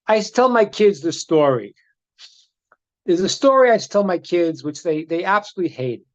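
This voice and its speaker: Brief: lively male rabbi telling a teaching story, pitch swinging widely, repeating words, over slightly muffled call audio. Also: brisk. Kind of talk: religious lesson with a storytelling part. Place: online meeting. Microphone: video call.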